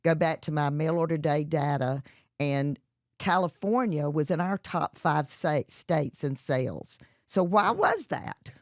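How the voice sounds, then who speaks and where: A woman's voice: low-pitched, expressive, unhurried, dry recording, studio quality. A middle-aged woman with a Southern US accent, a chef and entrepreneur talking as an interview guest, chatty with many fillers and restarts. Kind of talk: casual interview talk.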